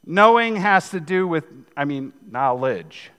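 A man's voice: a little high, lively intonation, measured pace, a bit bright, clear, resonant tone, in a large hall. A man in his fifties preaching a sermon as pastor, in a conversational, joking manner. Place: church sanctuary.

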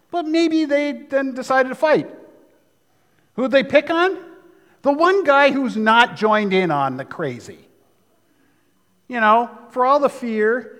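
A man's voice: very high voice, fairly bright tone, long reverb tail. A man preaching a sermon, talking conversationally with asides. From United States. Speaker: pastor.

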